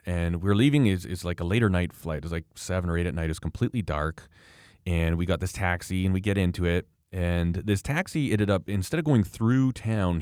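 Podcast host, man with a deep voice, chatty storyteller, dry close mic. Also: a little mellow, clean tone, dry recording. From Canada. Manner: rambling storyteller, frequent restarts. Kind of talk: casual conversation.

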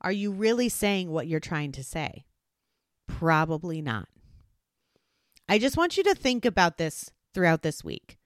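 A woman's voice: on the low side, unhurried, long pauses, smooth, no echo, studio quality. A woman hosting a solo advice podcast, talking earnestly and acting out different tones of voice. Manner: earnest, animated, acts out tones of voice. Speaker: podcast host.

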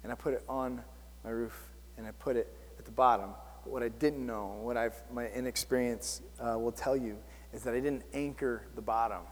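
A male pastor preaching a sermon, telling stories in an animated, self-mocking way. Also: mid-range voice, moderate pace, in a large hall.

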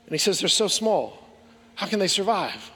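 Guy preaching a sermon, earnest, lots of questions, slightly high voice, big echoey hall. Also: sing-song, moderate pace, bright, forceful tone, slightly rough. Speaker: pastor. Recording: long hall reverb.

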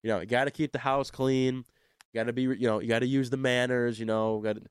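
A man chats casually as a co-host, rambling from one joking story to the next. His voice sits at an ordinary pitch. The sound is dry and close, with no room around it. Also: steady tone, fairly quick, clean tone, no room sound. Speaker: podcast co-host. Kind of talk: casual chat.

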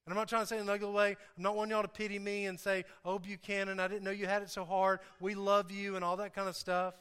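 A man with a high, bright, clear voice delivers a sermon to his congregation. He speaks earnestly and confessionally, leaning on repetition to drive his points home. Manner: earnest, repeats phrases for emphasis; confessional, talks straight to the congregation. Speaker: pastor.

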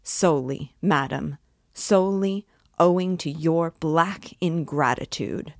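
A self-righteous middle-aged man lectures in a measured, reproachful way, as a woman reads his lines. The voice sits low and moves slowly. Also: no room sound, studio quality.

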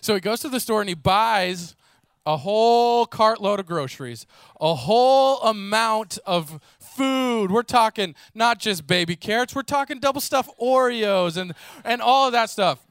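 Male preacher, sermon, animated storyteller, high voice, dry close sound. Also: unhurried, clear, resonant tone, dry recording. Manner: animated storytelling, acts out voices, casual fillers.

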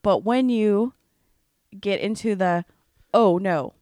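A woman's voice: medium pitch, slow, darkish tone, dry recording, clean studio sound. A woman from the United States co-hosting a podcast, giving blunt, wry opinions in casual chat. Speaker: podcast co-host.

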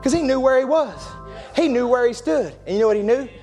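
A man preaching in a church, building to impassioned shouted climaxes, with music and a congregation heard behind him. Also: very high-pitched, quick pace. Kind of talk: sermon.

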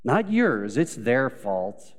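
Speaking slowly but with great animation, this mid-range male pastor delivers a live sermon full of everyday anecdotes and acted-out quotes. His delivery climbs to emphatic peaks before settling again, and the church recording carries a long hall reverb.

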